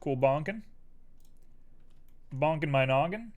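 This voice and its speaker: A man's voice: fairly high pitch, expressive, slow, phone-quality sound. A man casually chatting on a live stream while he works, playful and talking to himself and his chat. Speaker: livestreamer and 3D artist.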